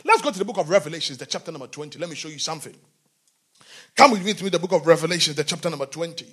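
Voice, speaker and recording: A man preaching a sermon, often asking the congregation questions and swinging between shouting and quiet talk. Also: fairly high pitch, expressive, very fast, husky.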